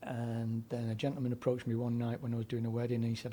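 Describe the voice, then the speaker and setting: A man's voice: medium pitch, completely flat delivery, fast, warm tone, a little hiss or hum. A man in his seventies, a former DJ and broadcaster, telling long anecdotes in a rambling conversational way. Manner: rambling anecdotal delivery with frequent fillers and restarts. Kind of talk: conversational storytelling.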